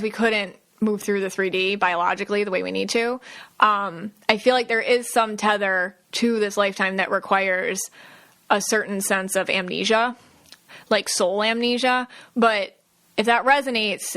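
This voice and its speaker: A woman's voice: mid-range voice, steady tone, moderate pace, fairly bright tone. A woman hosting her own podcast as a psychic medium, talking casually and at length, full of fillers and restarts, and acting out the people she quotes. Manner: chatty, many fillers and restarts, acts out quotes. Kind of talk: casual solo podcast monologue.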